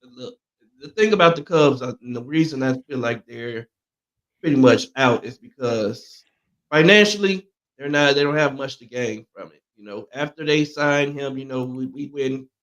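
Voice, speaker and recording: A man's voice: mid-range voice, normal speed, dull audio. A man co-hosting a sports talk show, chatting casually and hedging with many fillers. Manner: relaxed, hedging with "you know" and "man".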